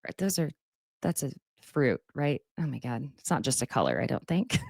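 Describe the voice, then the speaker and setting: A woman's voice: rumbling low, big pitch swings, moderate pace, vocal fry, darkish tone, no room sound, studio quality. A woman hosting a casual recap, chatty and opinionated, with asides and mock voices. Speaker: recap host.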